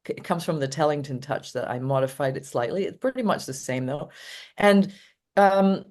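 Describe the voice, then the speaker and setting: Older woman, guest dog trainer, low-pitched, rambling anecdotal interview chat. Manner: rambling anecdotal storytelling with frequent laughs.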